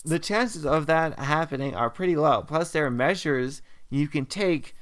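A man's voice: fairly high pitch, moderate pace, fairly bright tone. A young man co-hosting a casual debate podcast, blunt and matter-of-fact, with a joking streak. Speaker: podcast co-host.

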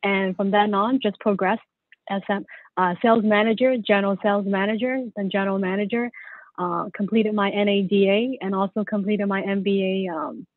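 A woman's voice: medium pitch, steady tone, dry recording. Woman in her 40s telling her career story, sounds like a phone call, super dry. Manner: measured, storytelling with fillers. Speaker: guest, car dealership general manager. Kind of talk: interview answers. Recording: dry, phone-like remote line.

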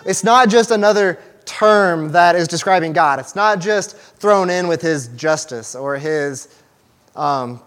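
A young man giving a casual, conversational sermon to a small church group, with restarts and fillers as he talks to the room. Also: fairly high pitch. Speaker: church teacher.

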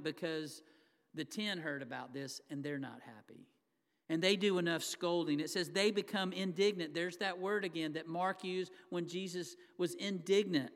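In a church sanctuary, a pastor delivers his sermon in a voice that sits high and sounds a bit bright. His manner with the congregation is conversational, and he performs the quoted lines. Long hall reverb surrounds everything.

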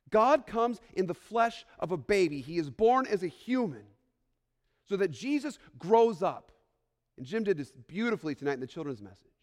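A man, a pastor, giving an earnest, emphatic Christmas sermon to his congregation, repeating phrases for weight and sometimes restarting a word. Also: sits high. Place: church sanctuary. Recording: long reverb of a large hall.

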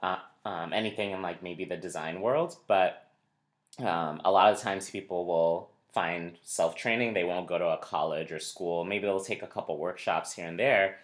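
This man co-hosts a casual podcast chat, his low voice moving at a moderate pace. He rambles and digresses, full of fillers and restarts.

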